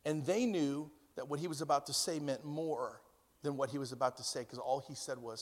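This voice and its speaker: A man in his fifties preaching a sermon, telling stories that move between loud and hushed. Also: medium pitch, brisk. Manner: storytelling, swings from loud to hushed. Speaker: pastor. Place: church hall. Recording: long church reverb.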